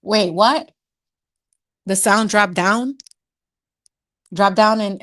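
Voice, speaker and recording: A woman's voice: medium pitch, very slow, a bit bright. A woman hosting a casual livestream chat, playful and sassy, laughing often and dropping in Spanish words. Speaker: livestream host.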